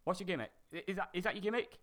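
A man with a bright, sharp-edged voice talks wrestling in loose podcast chat. He is blunt and disbelieving, and he swears freely. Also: sits high, rapid-fire. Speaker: podcast co-host.

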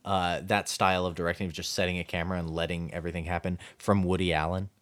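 A man's voice: low voice, flat delivery, fast, dry recording. A man co-hosting a podcast, talking through a film casually with many fillers and restarts. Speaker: podcast co-host.

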